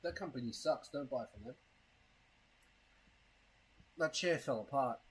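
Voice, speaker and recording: A man's voice: mid-range voice, a little slow, husky, rough recording. A man chatting casually on a live stream, rambling and crude, with a self-mocking tone and a case of hiccups. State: has hiccups.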